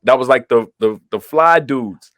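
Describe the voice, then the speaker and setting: A man's voice: mid-range voice, unhurried, a little hiss or hum. A man from Brooklyn, co-hosting a casual podcast and telling stories, acting out the dialogue in his anecdotes. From Brooklyn, New York. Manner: animated storyteller, acts out dialogue in quotes. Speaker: podcast co-host. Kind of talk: casual storytelling chat.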